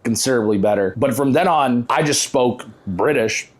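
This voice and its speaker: A young man hosting a casual podcast in a loose, joking manner, swearing freely and laughing often. His voice sits at a plain middle pitch. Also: moderate pace. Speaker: podcast host.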